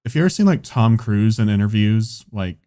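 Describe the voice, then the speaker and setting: A man's voice: lowish voice, expressive, a little fast, warm tone. A man telling a long casual anecdote, rambling with lots of "like" and swearing. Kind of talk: casual chat.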